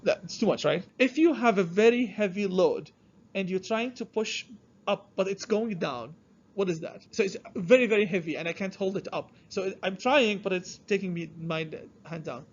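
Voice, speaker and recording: Man, lecturer, high voice, halting, muffled lo-fi recording. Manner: halting, restarts sentences, checks understanding often. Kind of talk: classroom lecture.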